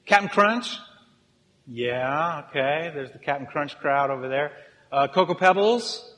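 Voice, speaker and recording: A man delivers a sermon in a relaxed, humorous manner, polling and teasing the people in front of him. His voice sits a little high for a man. It rings out with the long echo of a large church hall. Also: normal speed. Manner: casual, joking, talks with the congregation. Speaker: pastor.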